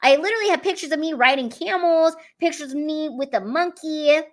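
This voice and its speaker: An American woman comedian chatting casually on a livestream, reading viewer comments aloud. She is excitable, laughs often, swears freely, and drops sentences halfway to start them again. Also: high-pitched, fairly quick. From United States. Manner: trails off and restarts sentences mid-thought. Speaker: stand-up comedian.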